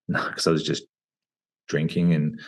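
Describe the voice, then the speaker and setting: A man in his thirties, a podcast guest talking reflectively over a video call, with plenty of pauses and fillers. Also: a bass voice, flat delivery, husky. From Australia. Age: 30s. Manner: reflective, hesitant with many fillers. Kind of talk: casual interview talk.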